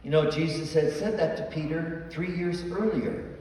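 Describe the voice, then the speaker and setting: A man's voice: on the high side, steady tone, moderate pace, darkish tone, slight background noise. A man, a priest, preaching a homily and acting out the dialogue in the stories he tells. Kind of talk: sermon. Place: church. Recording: echoey church hall from far off.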